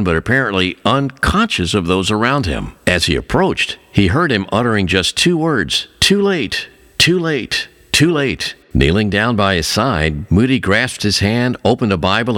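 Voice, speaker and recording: A man preaching a sermon, earnest, telling a story and slowing down on key phrases. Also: a bit bright. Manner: earnest, swings pitch widely for emphasis.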